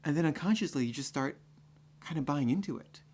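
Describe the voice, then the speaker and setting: A man's voice: a little high, a little fast. A man telling a personal story in a conversational way, full of fillers. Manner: conversational, full of fillers, builds to excited acting-out.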